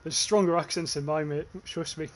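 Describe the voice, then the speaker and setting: A young man with a northeast English accent gives loose, chatty commentary while he plays a game live. His voice sits a little high for a man, and he swears freely and stumbles over restarts. There is a faint hum of noise behind him. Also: fairly even intonation, fairly quick. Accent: northeast English, near North Yorkshire. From northeast England. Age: young adult. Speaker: gaming livestreamer. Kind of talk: casual live gameplay commentary.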